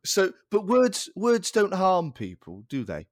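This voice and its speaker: A man's voice: high-pitched, huge pitch swings, slow pace, dry recording, clean studio sound. A man co-hosting a casual podcast chat, ranting in an exasperated way and swearing freely. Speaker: podcast co-host.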